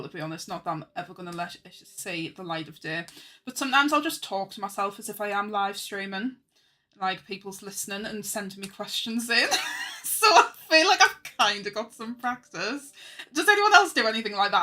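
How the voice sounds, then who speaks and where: A young woman talks casually on stream as she draws, bright and forthcoming. She is self-mocking and quick to laugh, answering her chat. Faint music plays underneath. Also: medium pitch.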